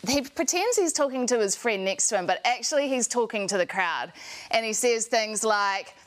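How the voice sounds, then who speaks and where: A woman's voice: a little high, expressive, normal speed. A woman with a New Zealand accent, a morning TV presenter doing a chatty, self-deprecating stand-up bit in a studio.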